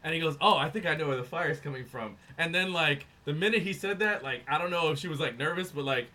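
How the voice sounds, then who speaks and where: A man co-hosting a podcast, telling a long story in casual chat, profane and animated, acting out other people's lines. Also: on the high side, fast talker. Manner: profane, animated, acts out voices in anecdotes. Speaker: podcast co-host.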